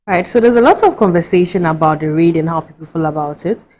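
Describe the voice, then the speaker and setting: A woman, co-hosting a TV talk show and reading viewer text messages aloud in a clear, even way. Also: on the low side, quick pace, a little hiss or hum. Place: TV studio.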